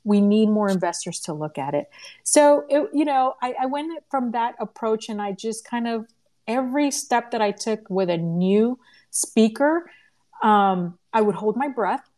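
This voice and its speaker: A woman's voice: fairly high pitch, measured pace. A woman organizing a conference, telling a story in a casual live audio room with lots of laughter and acted-out quotes. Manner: animated, laughing, acts out quoted voices. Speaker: conference organizer and podcast host. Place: home living room. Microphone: phone or computer mic in a live audio room.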